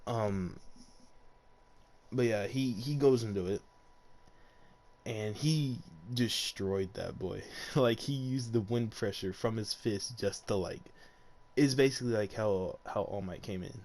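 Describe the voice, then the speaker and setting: A man's voice: fairly low pitch, takes it slowly, darkish tone. Rambling young man telling a story. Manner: rambling, laughs often, many fillers. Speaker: YouTuber. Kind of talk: unscripted fan storytelling.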